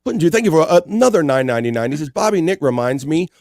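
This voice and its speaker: A male podcast host chatting on a live stream, reading viewers' messages aloud and joking along. His voice is lively and bouncy, and the sound is dry and close to the mic. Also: fairly high pitch, very fast, no echo. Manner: animated, jokey, reads chat messages aloud. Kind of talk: casual live-stream chat.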